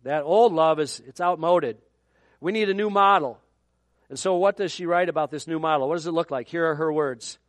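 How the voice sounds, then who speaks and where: A man's voice: on the high side, moderate pace, dry recording. A middle-aged man preaching a sermon in a conversational way, with joking asides. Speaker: pastor.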